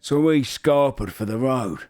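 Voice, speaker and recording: A man voicing a short, clever male ogre prisoner who chats roughly and swears casually. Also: medium pitch, animated, a little slow, darkish tone, lightly acted. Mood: chatty.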